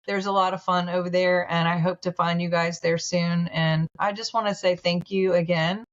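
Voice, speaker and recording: Woman on a podcast, low-ish voice, earnest and gushy, kinda dull lo-fi sound. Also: little pitch movement, normal speed. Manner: earnest, gushing, grows emotional. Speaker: guest, naturopathic doctor. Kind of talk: casual interview talk.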